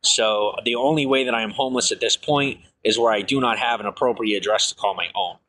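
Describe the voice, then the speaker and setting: A man's voice: mid-range voice, fast talker, pushed and bright, rough recording. A man streaming to viewers, telling long rambling personal stories full of fillers and restarts.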